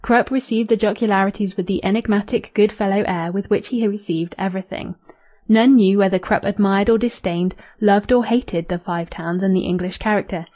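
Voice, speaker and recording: A woman's voice: mid-range voice, steady tone, brisk, mellow. Woman narrating a classic novel. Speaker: audiobook narrator. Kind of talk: scripted narration.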